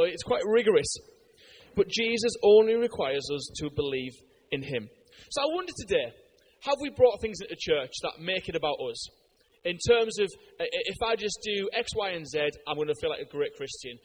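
An English man preaching a sermon in a conversational way, telling anecdotes with lively, animated delivery and frequent fillers. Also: sits high, slight background noise. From Britain.

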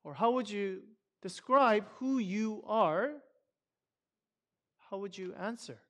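A man's voice: high voice, slow, a bit bright. A man speaking at a Sabbath church service through a microphone, talking loosely and conversationally and putting question after question to his listeners. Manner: conversational, asks the audience many questions; loose and chatty, filler words. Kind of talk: casual talk to a congregation.

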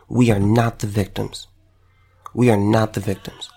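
A man's voice: fairly low pitch, flat delivery, unhurried, warm tone. A man who runs a store, delivering an impassioned monologue to camera, emphatic and repeating phrases for stress. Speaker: store owner.

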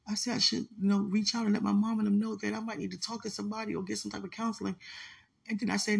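A woman giving an emotional, halting personal testimony in an interview, often pausing and filling gaps with "you know". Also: mid-range voice, little pitch movement, vocal fry, slightly rough. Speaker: interviewee sharing her story.

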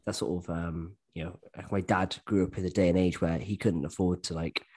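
A man's voice: low voice, level tone, fairly quick, dark tone. A man co-hosting a podcast in casual chat, who often slips into mimicking other people's voices. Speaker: podcast co-host.

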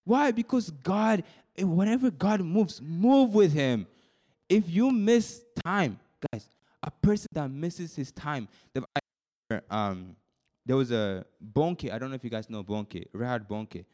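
A young man preaching a sermon to a youth group, dropping to a soft confiding tone and then climbing into high, excited bursts, often repeating words and restarting sentences. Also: unhurried.

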